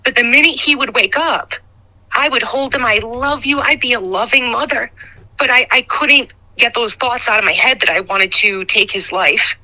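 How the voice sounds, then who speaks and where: A woman tells her own story on a call-in show. Her voice is very bright and sharp. She speaks candidly and haltingly, with plenty of restarts and deep feeling. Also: poor audio. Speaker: caller. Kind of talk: personal account on a talk show.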